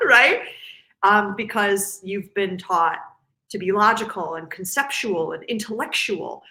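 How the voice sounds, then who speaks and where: Woman, podcast guest, animated, silly put-on voices, bright tone. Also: mid-range voice, unhurried. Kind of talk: casual podcast conversation.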